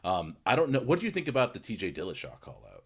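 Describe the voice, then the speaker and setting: Low-voiced man in casual podcast chat. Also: wildly swooping pitch, fast, husky. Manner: rambling, many restarts and fillers. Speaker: podcast co-host.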